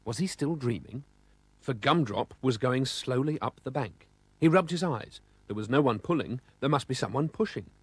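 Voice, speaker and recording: A man narrating a children's storybook in an expressive, animated way. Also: mid-range voice, normal speed, husky, no echo.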